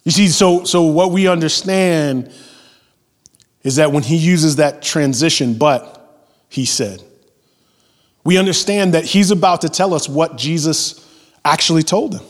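A man preaching a sermon, a pastor who moves between loud emphasis and hushed whispers and acts out everyday prayers in a conversational voice. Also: a little high, moderate pace. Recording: long hall reverb.

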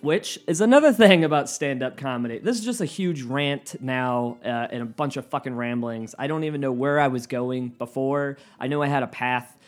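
A man hosting his own podcast from his living room, rambling and swearing, often flaring into yelling. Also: medium pitch, moderate pace, few pauses. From United States. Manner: profane, rambling, flares into yelling. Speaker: podcast host and stand-up comedian. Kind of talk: solo podcast rant.

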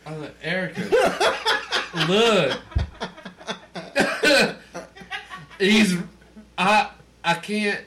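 Drunk, animated man telling a story. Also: high-pitched, drawn-out words, long pauses, noisy background. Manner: animated, acts out quotes, swears a lot. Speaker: podcast host.

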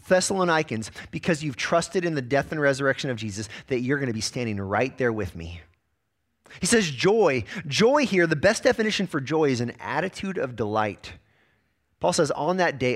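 A man preaching a sermon, walking through a passage with animated emphasis and frequent repeated words. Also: a little high. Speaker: pastor.

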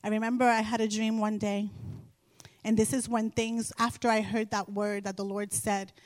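A middle-aged woman sharing a Christian testimony with an audience, telling her story in an animated way and repeating phrases for emphasis. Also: medium pitch, moderate pace, no room sound, studio quality. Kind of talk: faith testimony told to an audience.

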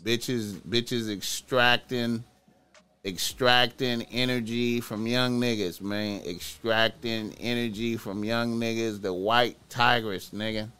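A man's voice: mid-range voice, fairly even intonation, slow pace, sharp tone, smooth. A man streaming reaction commentary, profane and repetitive, stretching key words for emphasis.

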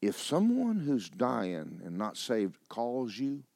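A man's voice: medium pitch, wildly swooping pitch, slow pace, creaky, warm tone, no echo, clean studio sound. A man preaching a sermon as pastor, telling a story with emphatic, rising delivery.

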